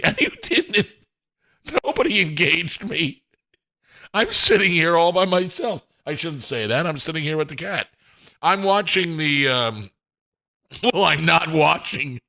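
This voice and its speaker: Man, solo podcast host at home; bright, slightly high voice; rambling, self-deprecating, chuckles a lot. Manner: self-deprecating, chuckles often, trails off and restarts. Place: home, indoors.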